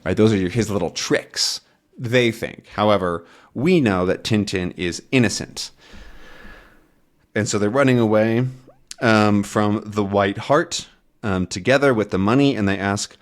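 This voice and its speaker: A man teaching English by explaining a comic, talking slowly and clearly and often checking with "right?". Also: on the low side.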